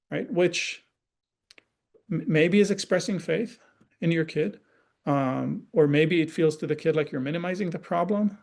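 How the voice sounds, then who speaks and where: Man, parenting educator, conversational explainer, gravelly voice, slightly high pitch, keeps asking "right?". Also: moderate pace, long pauses, darkish tone. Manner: conversational, often checks in with "right?"; acts out example dialogue in changed voices. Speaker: parenting educator and forum guest. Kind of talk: explanatory online talk.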